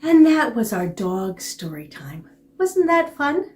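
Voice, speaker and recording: A woman with a fairly high voice leads a children's storytime at an unhurried pace. She speaks gently and keeps inviting the little ones to join in. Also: very animated. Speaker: library storytime host.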